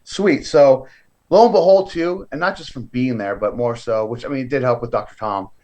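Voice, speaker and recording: Guy from california telling a wrestling story, chatty and lively, does voices for everyone, mid-pitched. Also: fairly quick. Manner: lively storyteller who acts out other people's voices. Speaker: guest, professional wrestler. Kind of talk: casual interview storytelling.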